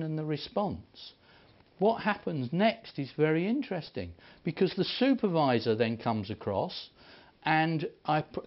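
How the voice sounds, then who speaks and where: Animated man telling a sermon story. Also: fairly high pitch. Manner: animated storytelling, acting out quoted voices. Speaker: preacher. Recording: dull lo-fi recording.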